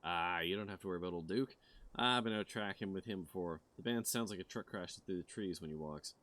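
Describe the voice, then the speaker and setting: A man's voice: deep voice, brisk, a bit bright. A man voicing a chirpy young monster-hunting vlogger woman. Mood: eager. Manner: chirpy, presenter-like. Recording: music playing behind.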